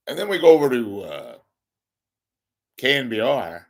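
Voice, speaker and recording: A man hosting a wry comedic monologue, meandering and halting. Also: mid-range voice, sing-song. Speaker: comedic host.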